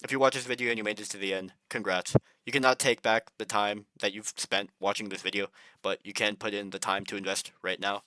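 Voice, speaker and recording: A young man talks through money tips in a loose, rambling flow, with lots of filler words and an occasional curse. His voice sits a little low but sounds bright and forward. The recording is close and dry, with no room sound. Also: steady tone, brisk, clean tone, no echo. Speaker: finance vlogger. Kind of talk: casual advice monologue.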